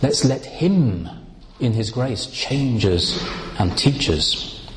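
A man preaching a sermon, explaining Bible words in a slow, deliberate, emphatic way. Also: medium pitch, expressive, big-room sound, noisy background.

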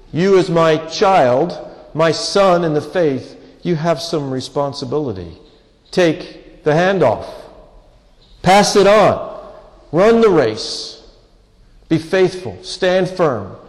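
A man preaching a sermon with earnest, pleading emphasis and drawn-out pauses. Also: fairly high pitch. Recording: long hall reverb.

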